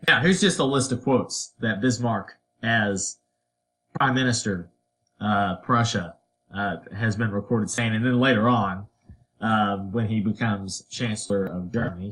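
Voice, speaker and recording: A man's voice: lowish voice, a little slow, a bit bright. A man teaching a history lesson in a casual, conversational way, tossing in playful asides and putting on voices for quotes. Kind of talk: recorded history lecture.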